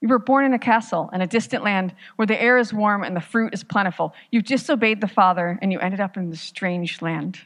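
A woman voicing a gentle eldest brother. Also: mid-range voice, fairly quick, few pauses, close to an everyday voice. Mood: earnest. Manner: calm, soft, reassuring. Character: gentle, patient eldest brother sent to rescue.

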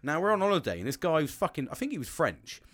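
A man's voice: fairly high pitch, sing-song, fast talker, a bit bright, no echo. A man in his forties, hosting a casual podcast monologue in a rambling, sweary, self-mocking way. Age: 40s.

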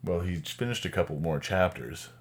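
Deep-voiced man with dry teasing. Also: normal speed, slight background noise. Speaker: podcast co-host. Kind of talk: casual chat over drinks.

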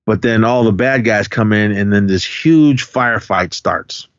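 A podcast co-host with a lowish, clean-toned voice and measured delivery casually walks through a film's plot, rambling, quoting lines, and using many fillers. It's a dull, dry lo-fi recording without echo.

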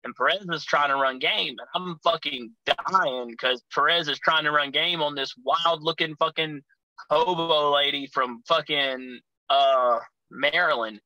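A man's voice: fairly high pitch, measured pace, sharp tone, no room sound, low-quality recording. Man, profane rowdy storyteller, podcast guest, dry close sound. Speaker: guest, pro wrestler.

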